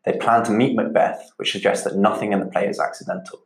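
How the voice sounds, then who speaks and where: A man teaching a literature lesson, measured and explanatory, going back over key points. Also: fairly low pitch, level tone, creaky. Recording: echoey room.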